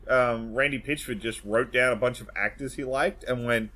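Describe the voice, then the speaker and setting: A man's voice: mid-range voice, steady tone, normal speed, pushed and bright. A man co-hosting a casual podcast, talking bluntly and swearing freely. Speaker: podcast co-host.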